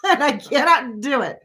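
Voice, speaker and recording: A woman hosts a loose, chatty podcast, her voice pitched a touch high and strikingly bright. She tells her stories with animated, self-mocking energy. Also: slow. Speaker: podcast host. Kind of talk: casual chat.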